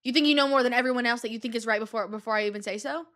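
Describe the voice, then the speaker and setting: A woman voicing a mean, scolding female grade-school staff member who fires off rapid, badgering questions. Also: on the high side, fairly bright tone, lightly acted.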